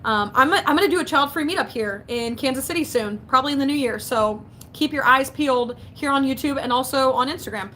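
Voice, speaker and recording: A woman's voice: sits high, a little fast, few pauses, a little hiss or hum. A young woman chatting casually on a livestream, answering viewers' chat, talkative and full of fillers. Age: young adult. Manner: chatty, animated, lots of fillers and quoted dialogue. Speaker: YouTuber answering live chat.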